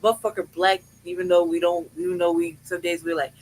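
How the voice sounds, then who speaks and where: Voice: mid-range voice, little pitch movement, quick pace, a little hiss or hum, poor audio. Podcast host ranting, swears a ton, keeps laughing, regular mid voice. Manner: profane, laughing rant that questions itself. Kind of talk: casual chat.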